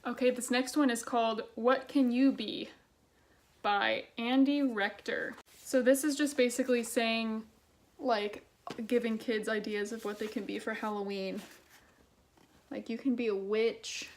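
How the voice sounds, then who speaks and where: A woman's voice: on the high side, fairly even intonation, unhurried, slight background noise. A young woman casually reading children's books aloud and adding chatty, sarcastic commentary. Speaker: book vlogger.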